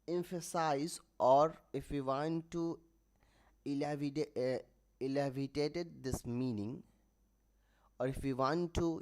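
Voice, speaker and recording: A man teaching a grammar lesson online, explaining terms step by step and often pausing to correct himself. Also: mid-range voice, a little mellow. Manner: halting, with restarts and self-corrections; writes examples while explaining.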